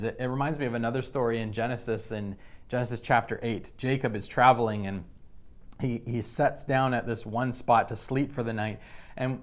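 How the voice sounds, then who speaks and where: A man preaching a sermon in a conversational way, often restarting and repeating words. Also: on the low side. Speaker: pastor.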